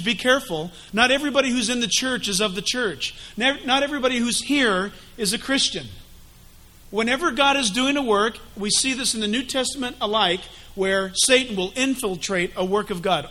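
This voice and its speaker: Animated man preaching, high bright voice, emphatic. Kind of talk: sermon.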